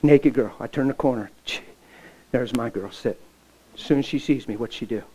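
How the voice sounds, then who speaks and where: A man's voice: medium pitch, normal speed, warm tone, slight background noise, low-quality recording. A middle-aged male pastor preaching, telling a personal story with feeling and acting out the dialogue, often dropping to a near whisper. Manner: emotional, acts out dialogue, drops to near whisper. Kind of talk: sermon storytelling.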